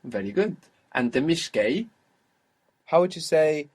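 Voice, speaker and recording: A man's voice: on the high side, sing-song, brisk, a little mellow, breathy edge. A man teaching a language lesson, patiently prompting his student with questions and repeating the answers.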